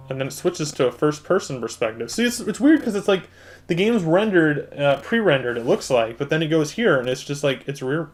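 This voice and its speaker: Chatty man narrating a computer game. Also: medium pitch. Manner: chatty, explains controls, talks to viewers as guys. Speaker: gaming channel host. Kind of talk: casual let's-play commentary.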